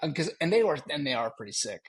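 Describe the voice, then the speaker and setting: A man co-hosting a podcast, telling a story in animated casual chat and laughing often. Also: a little high, quick pace, crowd noise. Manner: animated, laughing, slips into joking voices. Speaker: podcast co-host.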